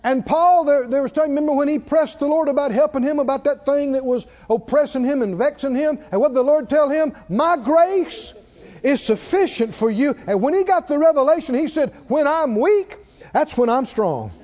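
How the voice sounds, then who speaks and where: A man preaching a sermon with passion, swinging from quiet low passages to loud peaks. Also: expressive, moderate pace. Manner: impassioned, rising to loud peaks and dropping low. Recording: dull lo-fi sound.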